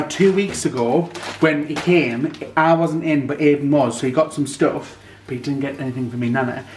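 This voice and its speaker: A man's voice: fairly high pitch, a little mellow, echoey room, slight background noise. A young British man chatting casually to camera at home for his vlog, rambling with plenty of ums. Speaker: vlogger. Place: at home, indoors.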